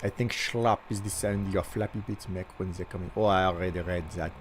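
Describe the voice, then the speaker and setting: Low-voiced man in a put-on French-German accent. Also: steady tone, a little fast, a little hiss or hum. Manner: stiff, formal and playful, avoiding contractions. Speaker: streamer. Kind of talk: casual gameplay commentary.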